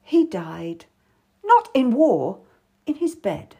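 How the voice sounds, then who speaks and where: A woman's voice: fairly high pitch, huge pitch swings, takes it slowly, mellow, slightly rough, voice pushed up, full character voice. Woman reading as a tough, worldly lady courtier. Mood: bitter. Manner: wistful and emphatic, with sudden bitterness. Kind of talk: audiobook character voice.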